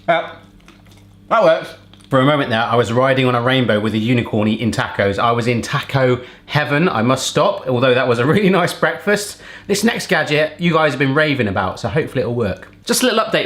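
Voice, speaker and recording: A man's voice: medium pitch, a bit bright. A man, chatting playfully to viewers as he tests kitchen gadgets in a casual vlog. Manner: playful, jokey, talks straight to viewers. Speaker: cooking gadget reviewer.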